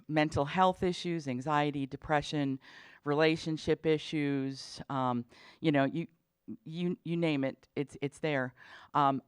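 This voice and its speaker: A woman's voice: sits low, clear, resonant tone, no echo. A middle-aged woman, a dean, giving a chatty, humorous talk to parents at orientation, with many fillers. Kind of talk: presentation to parents.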